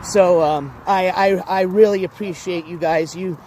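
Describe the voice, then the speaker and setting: A man's voice: high voice, fairly even intonation, unhurried, darkish tone, slight background noise. A man hosting a casual walk-and-talk livestream outdoors by a road, rambling with lots of "uh"s and restarts. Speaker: YouTube livestream host. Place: outdoors by a road with traffic, walking dogs.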